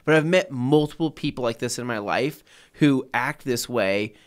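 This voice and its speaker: Man, podcast co-host, casual studio chat, rambling, animated. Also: mid-range voice, normal speed, smooth. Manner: rambling, animated storytelling with acted quotes.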